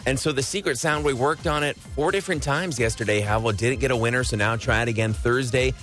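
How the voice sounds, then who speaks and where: A man's voice: medium pitch, brisk, a bit bright, soft background music. A man co-hosting a morning radio show, announcing a call-in game in a promo style.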